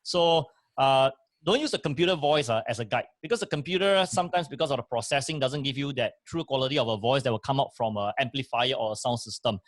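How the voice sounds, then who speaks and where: A man's voice: mid-range voice, fast, dry recording, clean studio sound. A man, co-hosting a casual chat and coaching with emphatic, repeated points. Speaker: co-host and motivational speaker. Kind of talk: casual chat, giving advice.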